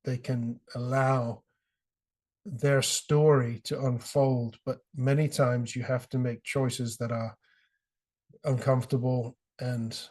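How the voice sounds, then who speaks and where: A man's voice: mid-range voice, flat delivery, takes it slowly, a little mellow. A middle-aged British man, an author guest on a podcast, telling his story with passion and acting out quotes. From Britain. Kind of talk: podcast interview.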